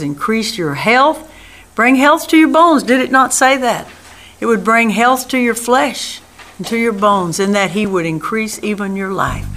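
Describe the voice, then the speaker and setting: A woman delivering an earnest radio sermon at an ordinary, mid-range pitch. She speaks prayerfully and repeats her phrases for emphasis. She often sinks to a soft, hushed voice. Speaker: radio minister.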